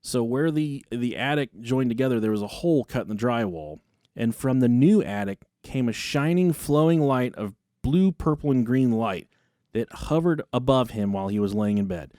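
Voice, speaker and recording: A podcast host tells a spooky story with comedy, loose and full of swearing. His voice sits at a typical male pitch. The sound is close and dry. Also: lively intonation, normal speed, warm tone, no room sound. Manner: profane and casual.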